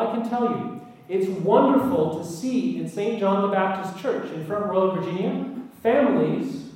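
A man with a high voice gives an anecdotal talk to an audience, earnest, with emphatic lists and wry asides. He sounds distant from the microphone, and a strong echo of a large hall rings around each phrase. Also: darkish tone. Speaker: speaker addressing an audience. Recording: echoey hall, voice from far off.

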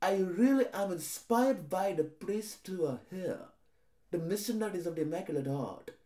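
A young man speaking in an earnest, calm and measured way, at times halting, recorded in an echoey room. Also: high-pitched. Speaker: aspiring seminarian.

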